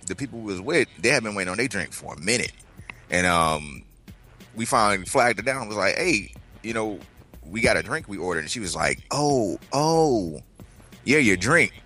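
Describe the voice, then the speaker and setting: A man co-hosting a loose, joking chat tells a bar anecdote. His voice sits low but stays bright, and its pitch rises and falls freely. Soft music runs behind. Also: lively intonation, fairly quick. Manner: laid-back, joking anecdotes. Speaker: podcast co-host. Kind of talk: casual chat.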